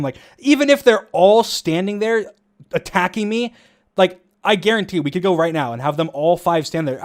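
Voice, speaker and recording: A man gives casual commentary over footage of his own gameplay in a high-pitched, very animated voice. He rambles fast, full of fillers, and laughs often.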